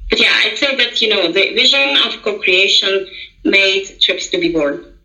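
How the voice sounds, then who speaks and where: A woman's voice: mid-range voice, animated, unhurried, sharp tone, echoey room, poor audio. A woman, a podcast guest giving earnest, explanatory interview answers and sometimes searching for words. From Lithuania. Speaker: podcast guest, project coordinator.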